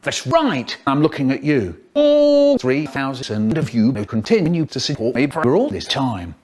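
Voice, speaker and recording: A man telling comic stories in a playful, animated way, full of sudden vocal swings. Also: mid-range voice, measured pace. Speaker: storyteller. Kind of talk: spliced comic storytelling clips.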